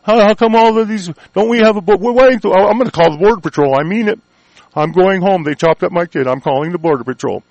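A panicked, indignant parent , as a man puts him on in a voice pitched well above his own. He sounds rattled and outraged, and the sound is dry and close. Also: fast, a little mellow, no room sound, lo-fi sound.

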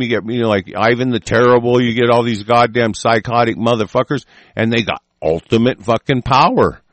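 Guy ranting mad and swearing a lot, keeps restarting, mid-pitched voice, dry close sound. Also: a bit bright, no echo. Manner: heated, profane, repeats and restarts. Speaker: host. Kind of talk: angry profane rant.

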